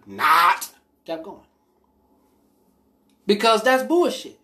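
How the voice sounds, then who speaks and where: A woman hosting a podcast, telling personal stories in a blunt, profane, animated way. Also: mid-range voice, takes it slowly, long pauses. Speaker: podcast host. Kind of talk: casual monologue storytelling.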